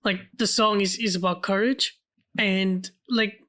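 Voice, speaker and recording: A woman's voice: mid-range voice, steady tone, unhurried, fairly bright tone. A woman co-hosting a film podcast, speaking earnestly in casual chat with hesitant restarts. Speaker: podcast co-host.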